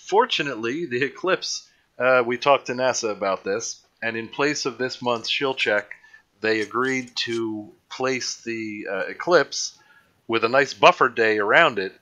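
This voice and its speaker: A man's voice: medium pitch, bright, forceful tone. A man hosting a live online show in casual chat, rambling and joking at his own expense. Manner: rambling, jokey, self-mocking. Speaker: livestream show host.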